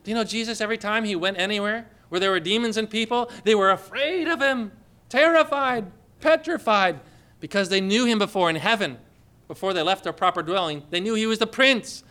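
A man's voice: high-pitched, fast, pushed and bright, clear, resonant tone. A man preaching a sermon in an emphatic, dramatic way, building his points with rising emphasis.

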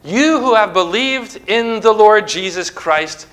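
A man preaching a sermon, retelling scripture stories with emphatic, dramatic delivery and slow stressed phrases. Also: high-pitched, animated, a bit bright, low-quality recording. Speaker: pastor.

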